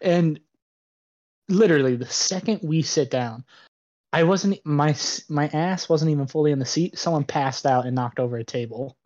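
A young man co-hosting a podcast, telling a bar story in lively casual talk full of swearing. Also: on the high side, moderate pace, muffled recording. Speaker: podcast co-host. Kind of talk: casual chat.

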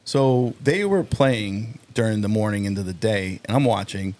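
A man's voice: lowish voice, moderate pace. A man in his forties, a firefighter and army veteran, telling a story on a podcast and acting out the dialogue as he goes. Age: 40s. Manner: animated storyteller who acts out quoted dialogue. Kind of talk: casual podcast chat, storytelling.

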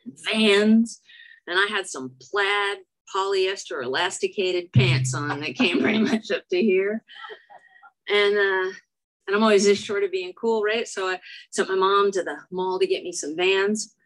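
A woman's voice: medium pitch, unhurried. A middle-aged woman from Chicago giving a candid, self-deprecating recovery share at a meeting, often checking in with "right?". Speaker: AA meeting speaker. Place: church meeting room before an audience.

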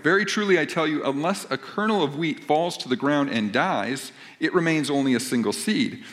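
A man's voice: medium pitch, a bit bright. A man who is a pastor, preaching a sermon and reading scripture aloud before explaining it in a conversational, emphatic way.

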